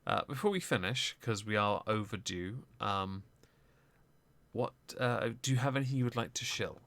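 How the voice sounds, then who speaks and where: A man's voice: on the low side, lively intonation, moderate pace, a bit bright, no echo. A man hosting a casual political livestream, with a dry, teasing manner. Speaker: stream host.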